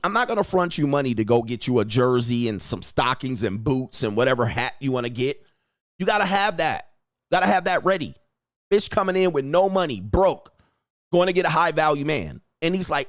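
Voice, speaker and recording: A man hosting a livestream, talking bluntly and crudely in a lecturing way and acting out quoted women in a higher voice. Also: very animated, moderate pace, fairly bright tone, dry recording, clean studio sound. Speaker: host. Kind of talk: livestream commentary.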